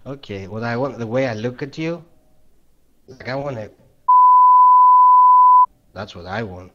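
A man's voice: expressive, slow pace, pauses often. A man chatting with a stranger online in a flirty, hesitant way. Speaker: random chat stranger. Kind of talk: casual flirting. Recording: dull low-fi webcam audio.

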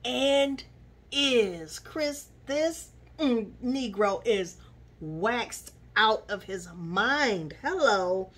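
A woman giving sassy, animated commentary while she recaps a reality TV episode and scolds its cast. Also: medium pitch, drawn-out words, slightly rough.

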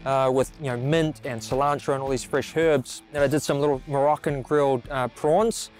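A man's voice: mid-range voice, steady tone, normal speed, darkish tone, soft background music. A man from New Zealand with a New Zealand accent, a chef talking in a casual, enthusiastic way with lots of "you know". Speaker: chef visiting the shop. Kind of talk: casual interview.

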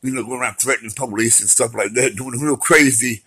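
A man's voice: medium pitch, fairly even intonation, brisk, bright, forceful tone, a little hiss or hum, rough recording. A middle-aged man talking through his recovery in a rambling, heartfelt, slangy monologue. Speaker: vlogger sharing recovery story. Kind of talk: emotional personal monologue.

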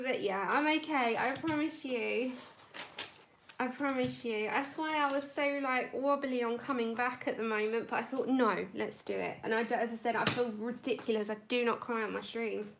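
A woman's voice: on the high side, gravelly, a bit bright, a little hiss or hum. A woman hosting a live colouring stream, chatting casually and rambling as she greets viewers by name. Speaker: livestream host.

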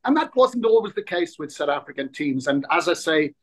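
Animated man in his sixties. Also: fairly high pitch, fairly quick. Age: 60s. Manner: animated storyteller, frequent restarts. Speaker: interview guest. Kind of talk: casual interview chat.

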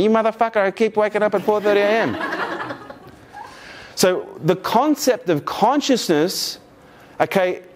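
A middle-aged man giving a keynote talk to a live team, energetic and profane, joking and asking the room questions. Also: high voice. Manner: energetic, profane, jokey, asks the audience questions. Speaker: keynote speaker. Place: event room with live audience.

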